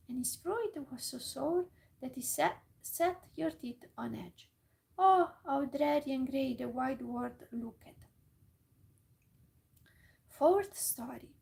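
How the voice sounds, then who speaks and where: A woman reading a fairytale aloud in a whispered role-play, soft and slow with small slips. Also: high-pitched, gravelly, rough recording. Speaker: storyteller.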